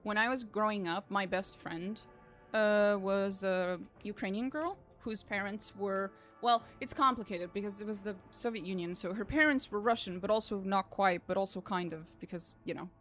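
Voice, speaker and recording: A woman's voice: mid-range voice, moderate pace, fairly bright tone, faint music behind. Chatty young woman streamer, swearing casually. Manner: chatty, swearing, laughing often. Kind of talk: casual chat while gaming.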